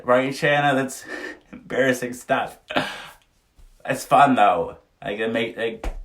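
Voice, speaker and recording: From a small wooden sauna, a man hosts a casual livestream, reading viewer comments aloud and often laughing and joking frankly. His medium-pitched, slightly bright voice sounds far from the mic, and the room is echoey.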